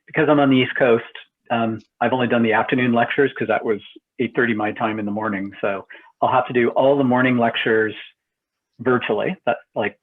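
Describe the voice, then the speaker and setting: A man's voice: mid-range voice, steady tone, brisk. A man, chatting upbeat and casually as a panel guest over a video call. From eastern Canada. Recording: tinny phone-like video call line.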